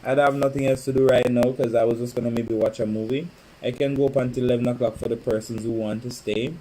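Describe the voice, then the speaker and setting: A man's voice: mid-range voice, fairly even intonation, fast, dark tone, slight background noise, poor audio. A man chatting casually on a home live stream, teasing and calling out to viewers by name. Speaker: livestream host. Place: home, indoors.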